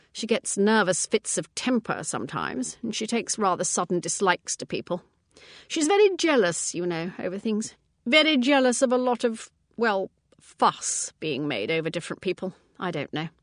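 A woman's voice: mid-range voice, sing-song, moderate pace, no echo, studio quality, voice pushed up. A woman reading the part of an anxious older spinster sister who talks in fretful, trailing-off sentences. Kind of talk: audiobook character reading.

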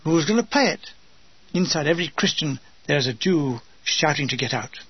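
A man's voice: fairly high pitch, expressive, moderate pace, husky, no echo, muffled recording. An older man reading his humorous wartime memoir aloud with a dry comic delivery, briefly mimicking his comrades.

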